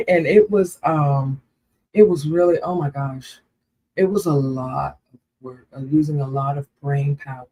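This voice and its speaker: A woman's voice: deep voice, a little slow, dark tone, poor audio. A woman co-hosting a casual livestream chat, earnest and repeating herself for emphasis. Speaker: co-host.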